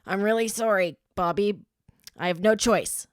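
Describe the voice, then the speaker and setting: A woman voicing a calm adult woman cheerleading adviser who speaks in a measured, composed, sympathetic way. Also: mid-range voice, no room sound, clean studio sound, close to an everyday voice.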